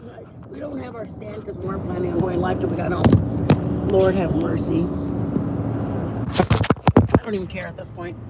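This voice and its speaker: A woman telling a story in casual live-stream chat, animated and rambling, exclaiming often. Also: fairly low pitch, moderate pace, pauses often. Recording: loud car noise behind voice.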